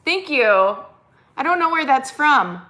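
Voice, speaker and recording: A woman's voice: sits high, expressive, takes it slowly, sharp tone. A woman with a Minnesotan accent, hosting a casual live stream and answering viewer comments in a chatty way. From United States. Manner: chatty, reads comments aloud and answers them.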